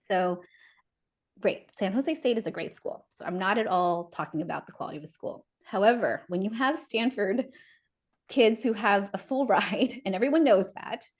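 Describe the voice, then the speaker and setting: A woman in her forties with a mid-range voice tells stories of her past in relaxed podcast chat. She talks with lively energy, laughs often, and acts out the people she quotes. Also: medium pitch. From United States. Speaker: podcast guest. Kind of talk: casual storytelling.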